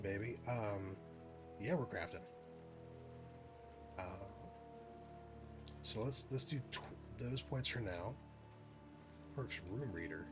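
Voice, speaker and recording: A man's voice: on the low side, a little slow, pauses often, over music. A man giving chatty gameplay commentary, thinking aloud and poking fun at himself. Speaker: gaming video host.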